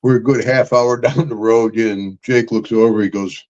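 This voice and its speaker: A man's voice: medium pitch, steady tone, moderate pace, darkish tone, muffled recording. Older man telling wrestling road stories. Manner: rambling, laughing, says "brother" and "man". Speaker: podcast host. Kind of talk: casual storytelling chat.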